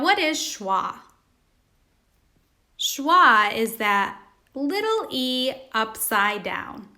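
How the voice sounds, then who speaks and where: A woman teacher giving a recorded phonics lesson to children, speaking slowly and carefully, sounding out each word. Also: a little high, sharp tone.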